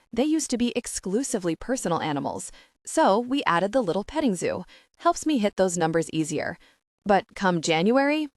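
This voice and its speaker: A woman narrating a romance audiobook in the first person, with a lively, expressive read. Her voice is middle-pitched and moves freely. The studio sound is close and dry. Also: no echo.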